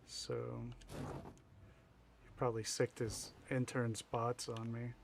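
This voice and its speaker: A man's voice: medium pitch, flat delivery, slow, background noise. A man livestreaming a building game, chatting casually and wryly teasing his viewers as he plays. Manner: wry, teasing chat, frequent laughs. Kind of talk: casual gameplay chat with viewers.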